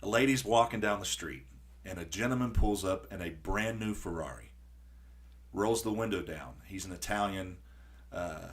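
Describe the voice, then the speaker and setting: Low-voiced man telling stories animatedly. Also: normal speed. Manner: animated storyteller acting out quotes. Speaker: podcast host. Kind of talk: casual conversation.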